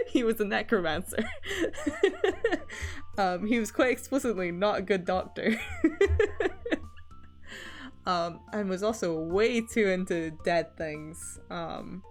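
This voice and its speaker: A young woman from Scotland who streams, chatting casually while she draws and laughing often between sentences. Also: medium pitch.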